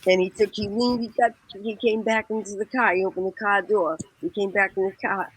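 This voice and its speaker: Husky-voiced woman telling a wild story. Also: mid-range voice, steady tone, brisk, no echo. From Boston area. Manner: laughs often, swears, acts out quoted voices. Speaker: guest. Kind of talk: casual storytelling chat.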